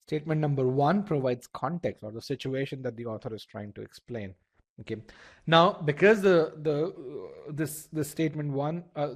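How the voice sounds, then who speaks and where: In a live online test-prep lesson, a man with a mid-range, slightly rough voice walks the class through the material step by step. He often repeats words and checks that everyone is following.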